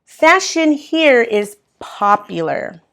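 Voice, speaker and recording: Slow, patient woman teaching English. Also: fairly high pitch, sing-song, creaky, a bit bright. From Mexico. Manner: patient, explains words step by step. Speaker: English as a second language teacher. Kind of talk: reading and explaining a textbook lesson.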